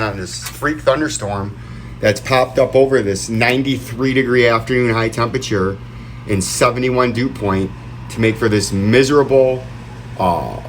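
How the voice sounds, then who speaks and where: A man's voice: medium pitch, a little hiss or hum. A man hosting a casual crypto vlog, rambling and ranting with heavy profanity.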